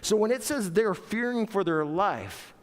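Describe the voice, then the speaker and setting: A middle-aged male pastor preaching a sermon in a church, animated and playful, acting out voices with laughter. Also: high voice, measured pace. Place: church sanctuary. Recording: long church reverb.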